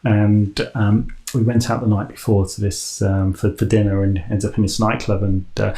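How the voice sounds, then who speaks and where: A man's voice: lowish voice, normal speed, gravelly. A man from Birmingham with a Birmingham accent, a drummer chatting casually and telling anecdotes. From Birmingham, England. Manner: storytelling, animated when quoting others. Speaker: drummer and podcast host.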